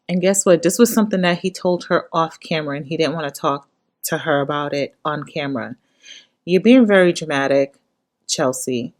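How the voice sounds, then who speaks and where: Blunt, animated woman reviewer. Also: low voice. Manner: blunt, animated, talks straight to the cast. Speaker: reality show reviewer. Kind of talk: casual commentary on a reality show.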